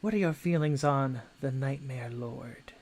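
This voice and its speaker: A man's voice: medium pitch, measured pace, a little mellow, a little hiss or hum, lightly acted. A man voicing a mysterious young woman with odd-colored eyes who chuckles and teases, in a tabletop game. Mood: curious. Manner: playful, teasing.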